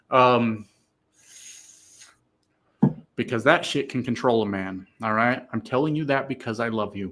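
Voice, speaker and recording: On his casual political livestream, a man reads viewers' comments aloud and responds emphatically and profanely, growing loud and excited. His pitch is medium.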